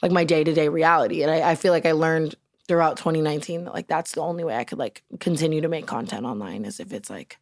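Young woman, podcast guest, very deep voice, dry close mic, chatty, lots of "like". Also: quick pace, no room sound. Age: young adult. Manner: chatty, fillers of "like", casual swearing. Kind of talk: casual podcast conversation.

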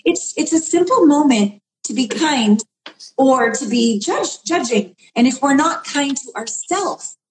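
A woman's voice: high-pitched, expressive, a little slow, darkish tone, a little hiss or hum. A woman giving relationship advice in a conversation, earnest and coaching, with emphatic repeated phrases. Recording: roomy echo.

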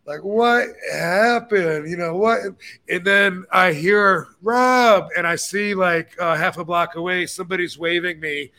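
With a high, unhurried voice, a podcast host in his fifties tells a rambling story in an easygoing chat. He animates it by acting out his characters' lines, curses and all.

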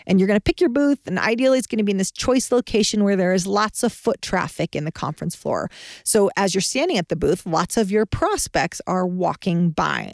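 A woman's voice: medium pitch, no room sound, clean studio sound. A woman hosting a podcast, teaching sales in a confident, emphatic, conversational way as a business advisor.

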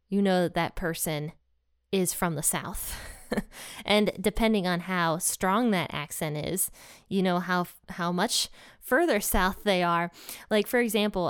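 A woman's voice: on the low side, smooth, dry recording. Woman from Ohio, casual Bible study teacher, chatty storyteller, clean dry close-mic sound. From Ohio, USA.

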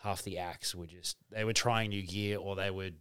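A slightly low-voiced man hosts a casual podcast. He talks loosely and swears, and he acts out quotes in quick bursts. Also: steady tone, fairly bright tone, smooth. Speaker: podcast host and comedian.

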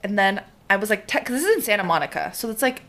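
A woman in her twenties tells a story as a podcast guest, animated and blunt, with the odd curse. Her pitch sits in the middle range. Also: racing. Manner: animated, swearing, chiming in. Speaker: guest, professional golfer. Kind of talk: casual storytelling.

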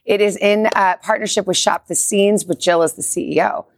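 A woman co-hosting a morning show, wrapping up a shopping segment in an upbeat, brisk way. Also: medium pitch, steady tone, dry recording, clean studio sound.

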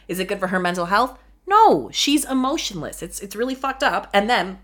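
Woman recap host, low voice with big swoops, blunt and snarky, casual delivery. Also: a bit bright. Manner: candid, sarcastic, swears freely. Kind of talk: casual solo recap commentary.

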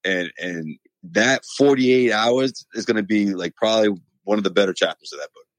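A man co-hosting a casual sports podcast, animated and profane, joking as he argues his points. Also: lowish voice, moderate pace, dry recording. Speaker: podcast co-host.

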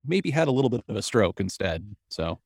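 A man's voice: on the low side, very animated, fast, gravelly, slightly rough, no echo. A man in casual chat who rambles, hedges with fillers and makes dry jokes.

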